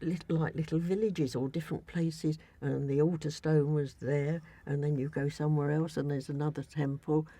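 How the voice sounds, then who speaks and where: A woman's voice: sits low, level tone, moderate pace, hardly any pauses, warm tone, slightly rough, no room sound. A woman in a casual chat, recounting her travels in a rambling way with many restarts.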